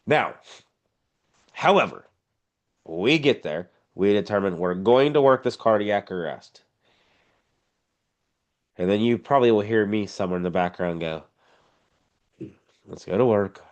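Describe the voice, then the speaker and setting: A man's voice: fairly low pitch, animated, unhurried, pauses often, lo-fi sound. A man teaching an online EMS class in a blunt, informal and emphatic way, heard over a video call. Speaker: EMS instructor. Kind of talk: casual online class lecture.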